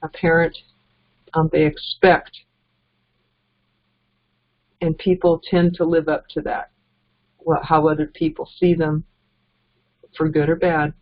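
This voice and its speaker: A woman's voice: low voice, flat delivery, unhurried, long pauses. Earnest woman coaching, lo-fi sound. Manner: casual and earnest, chuckles between points. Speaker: network marketing trainer. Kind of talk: motivational training talk. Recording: dull lo-fi recording.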